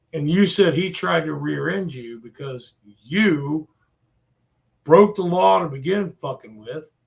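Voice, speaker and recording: Man, gaming channel host, high and gravelly voice, slow profane rants. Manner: profane, exasperated ranting. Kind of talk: ranting gameplay commentary.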